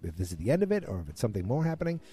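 A man's voice: on the low side, huge pitch swings, very fast, mellow, husky. A man hosting a podcast, casually recapping a TV episode in a rambling, self-correcting way. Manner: rambling, self-correcting, quoting characters loosely. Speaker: podcast host.

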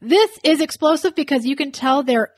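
A woman co-hosting a casual podcast, chiming in with quick agreement and laughter. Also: sits high, expressive, no echo, clean studio sound. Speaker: podcast co-host. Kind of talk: casual chat.

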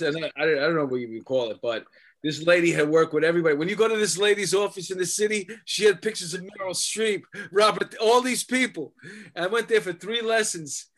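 A man hosting a casual podcast with a New York accent. His voice sits a touch higher than most men's, and his talk is loose and joking, full of fillers and asides while he reads out comments from listeners. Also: fairly bright tone. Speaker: podcast host.

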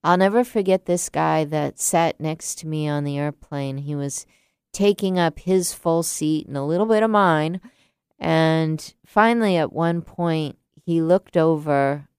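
A woman in her late fifties, a teacher, telling a reflective personal story in a soft, unhurried way. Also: sits low, clean tone, dry recording, studio quality. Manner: slow, soft-spoken and unhurried.

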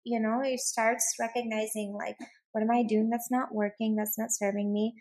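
A woman's voice: fairly high pitch, little pitch movement, moderate pace, a little mellow. A woman guest on a parenting podcast, talking earnestly and animatedly, full of "like" and "right?". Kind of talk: conversational interview.

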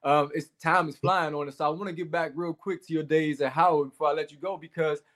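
A man hosting a sports podcast, asking his guest questions in a relaxed, conversational way. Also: on the high side, quick pace. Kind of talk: casual sports talk interview.

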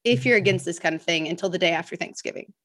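A woman co-hosting a casual podcast, trading teasing, quick banter. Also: lowish voice, fairly bright tone, dry recording, clean studio sound. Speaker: podcast co-host. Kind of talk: casual chat.

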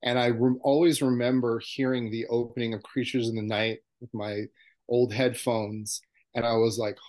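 A man in his fifties, from New York, telling a fan memory as a podcast guest in an excited, profane way. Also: mid-range voice, fairly quick. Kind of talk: casual storytelling.

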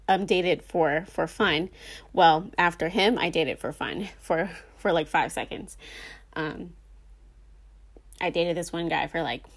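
A young adult woman casually telling a dramatic personal story, animated and full of fillers. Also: on the low side, husky.

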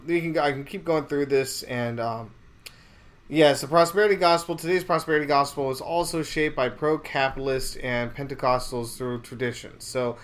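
A man's voice: mid-range voice, fairly bright tone. A man hosting a podcast, talking about faith in a rambling, indignant way with many restarts. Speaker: podcast host.

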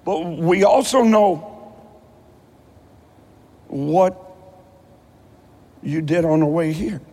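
A man's voice: on the high side, very slow, darkish tone, in a large hall. A man preaching a sermon as a pastor, telling stories in a conversational way.

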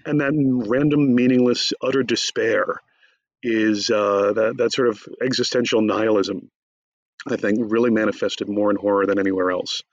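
A man's voice: on the low side, moderate pace, dry recording. Male academic guest, wry and talkative, close dry mic, a bit dull and lo-fi. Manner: chatty, wry, animated storyteller. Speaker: theater professor and author. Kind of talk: conversational interview.

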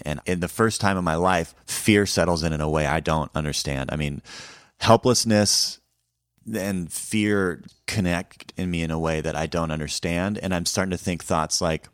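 A comedian with a very low voice tells a personal story in a deadpan, self-mocking way. His delivery is conversational, and the sound is dry and close with no room echo. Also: normal speed.

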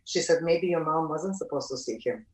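A middle-aged woman telling a personal pilgrimage story as testimony, halting with many fillers and restarts. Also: sits low, animated, far from the mic, slight background noise. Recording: roomy, from off the mic.

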